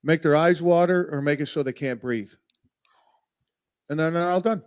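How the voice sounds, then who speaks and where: Podcast guest, male, slightly high voice, animated and crude storyteller. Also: moderate pace, smooth. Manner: animated, blunt and profane, acts out quotes. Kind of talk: casual storytelling.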